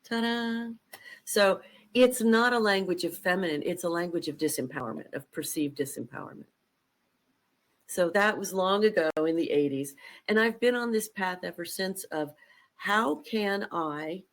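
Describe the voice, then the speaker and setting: An older woman telling a story as a podcast guest, with animated, emphatic delivery. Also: lowish voice, moderate pace, low-quality recording. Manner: animated, emphatic, acts out quotes. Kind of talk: conversational storytelling.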